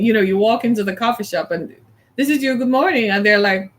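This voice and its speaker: A middle-aged woman from the American South, chatting casually as a host, animated and laughing often as she plays out little scenes. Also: mid-range voice, brisk. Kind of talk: casual chat.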